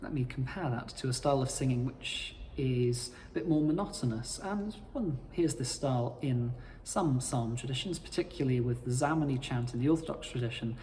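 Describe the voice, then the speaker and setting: A man explaining how to cantor psalms in a measured, formal instructional talk. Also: medium pitch, dark tone, long reverb tail, slight background noise. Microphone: playing his own accompaniment.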